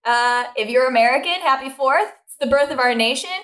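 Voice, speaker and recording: A woman's voice: sits high, brisk, fairly bright tone. A woman co-hosting a podcast in casual chat, giggly and playful, humming tunes and making sound effects. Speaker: podcast co-host.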